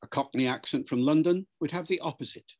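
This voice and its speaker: A linguistics professor giving measured, explanatory interview answers, lively and teacherly, sometimes slipping into quoted voices. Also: male voice, a little high. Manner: lively storytelling, acts out quoted speakers; measured, lecturing delivery.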